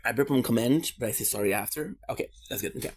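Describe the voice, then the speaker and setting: A man's voice: mid-range voice, fast talker, a little hiss or hum. A man from Quebec, Canada, in a casual streamer monologue, rambling on goofy side tangents with swearing and jokes.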